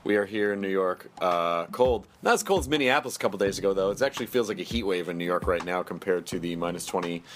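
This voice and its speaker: A man's voice: low voice, quick pace, hardly any pauses, soft background music. A man in his thirties hosting a podcast, chatting casually and reading ads in a jokey, rambling way. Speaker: podcast host. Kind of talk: casual chat with ad reads. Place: New York studio.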